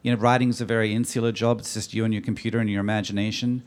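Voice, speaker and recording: A low-pitched man answers fans at a live panel. He muses at length, piling up restarts and fillers. His delivery is earnest and unhurried. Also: level tone. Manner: thoughtful, rambling, many "you know"s. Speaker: film director on a panel. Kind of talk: answering audience questions.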